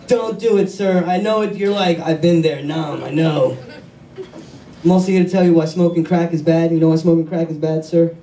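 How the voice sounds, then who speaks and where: A high-pitched man rattles through a stand-up set, excitable and poking fun at himself as he banters with the crowd. He is heard from a distance on a wireless mic in an echoey club. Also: normal speed. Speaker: stand-up comedian. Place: comedy club stage with audience. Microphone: wireless handheld mic.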